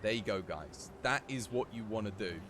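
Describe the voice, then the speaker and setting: A man streaming live and chatting casually as he plays, given to high giggling fits. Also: animated, normal speed, background noise. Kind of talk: live gameplay commentary.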